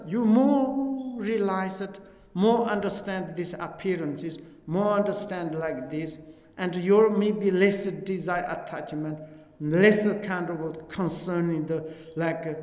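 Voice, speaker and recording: A man's voice: sits high, a little mellow. Tibetan-accented man teaching in an echoey hall. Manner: halting, broken English with many fillers. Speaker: Buddhist teacher. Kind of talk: dharma teaching. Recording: echoey hall with long reverb.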